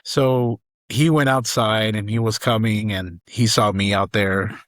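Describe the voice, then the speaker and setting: A young man from Southern California, a guest actor and comedian telling a story on a podcast in a casual, profane, animated way. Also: fairly low pitch, measured pace, dry recording. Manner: animated, profane, acts out quoted lines.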